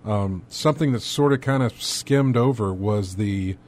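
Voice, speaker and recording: A man's voice: fairly low pitch, a little slow, a little mellow, slight background noise. A man co-hosting a casual gaming news talk, rambling and thinking aloud with many fillers. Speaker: podcast co-host.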